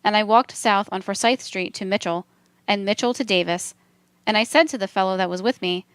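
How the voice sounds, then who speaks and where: A woman reading a transcript aloud for a documentary in a measured, steady delivery. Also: mid-range voice, clear, resonant tone, no room sound. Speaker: documentary reader.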